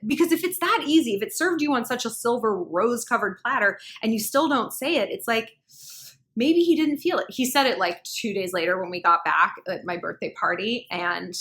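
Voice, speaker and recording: A woman in her thirties telling a relationship story to camera in a chatty, animated way, full of fillers and acted-out quotes. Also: medium pitch, normal speed. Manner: chatty, animated, many "like"s, acts out quoted dialogue. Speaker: relationship advice vlogger.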